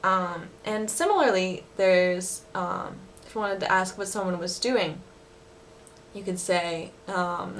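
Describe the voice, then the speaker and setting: A woman's voice: lowish voice, slow pace, a bit bright, a little hiss or hum. A woman giving a casual video lesson on dialect phrases, chatty and giggly, with lots of fillers. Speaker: language vlogger teaching dialect phrases.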